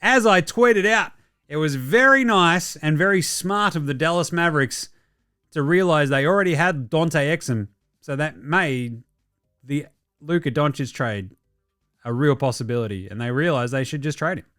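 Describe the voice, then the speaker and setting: A man's voice: on the high side, smooth, soft background music. A man, hosting a casual basketball show and ranting about games and trades with plenty of swearing. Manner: fast, sweary, excitable ranting. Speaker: host. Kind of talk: casual sports commentary.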